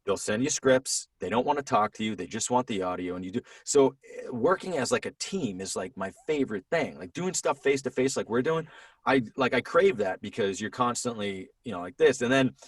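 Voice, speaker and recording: A man's voice: medium pitch, expressive, a little fast, slightly rough, dry recording. A man in his thirties, a voiceover actor, chatting as a podcast guest, rambling with frequent restarts. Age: 30s. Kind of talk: casual conversation. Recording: dry sound, a bit distant from the mic.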